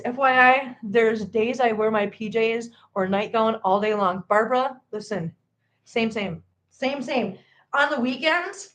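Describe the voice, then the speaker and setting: A woman's voice: fairly high pitch, a bit bright. A woman in her forties chatting casually on a home livestream, reading out viewers' comments, rambling and laughing often, on a laptop microphone. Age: 40s. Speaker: livestream host reading chat.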